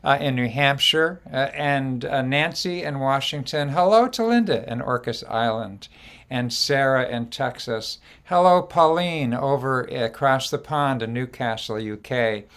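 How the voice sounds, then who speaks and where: A man's voice: mid-range voice, fairly bright tone, smooth. A man hosting a casual online show, reading out long lists of greetings with fillers and restarts. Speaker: host.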